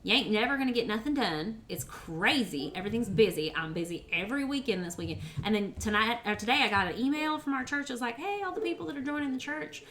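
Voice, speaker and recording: Talking fast with hardly any pauses, this cooking streamer has a fairly high, slightly bright voice and lively intonation. She chats with her viewers while cooking at home, with slight background noise and kitchenware clattering behind her.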